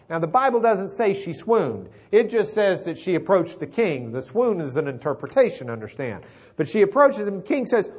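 Preacher guy telling a bible story, chatty and lively, kinda high voice, muffled sound. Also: moderate pace. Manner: conversational, animated, folksy, addresses the congregation. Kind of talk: sermon storytelling.

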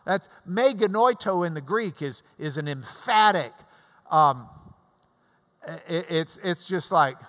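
An older man in his sixties preaches in an unhurried way, his pitch swooping up and down as he stresses a point. He explains Greek words with homespun asides, and his voice rings out with a long hall reverb. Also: expressive, a bit bright. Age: 60s. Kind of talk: sermon, verse-by-verse Bible teaching.

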